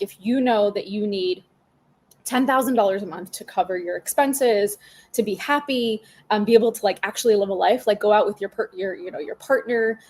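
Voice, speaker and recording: Woman in her 30s, a bit husky, chatting frankly on a podcast, lots of um and like. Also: mid-range voice, a little mellow. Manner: chatty and frank, with frequent fillers and asides. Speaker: podcast guest, business mentor. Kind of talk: casual interview conversation.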